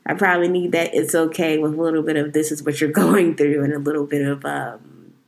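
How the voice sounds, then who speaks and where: A woman's voice: deep voice, little pitch movement, brisk, vocal fry. A young woman hosting a solo podcast, talking candidly and casually, laughing often and addressing listeners as y'all. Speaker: podcast host.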